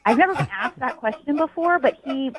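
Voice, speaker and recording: Hesitant woman caller, a bit high. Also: expressive, brisk, crowd noise, rough recording. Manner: hesitant, awkward, laughing. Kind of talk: radio show call.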